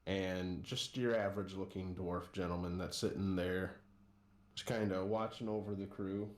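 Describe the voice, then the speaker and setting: A man narrating a tabletop game as game master in a relaxed way, with fillers and restarts. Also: low-pitched, moderate pace. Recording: roomy echo.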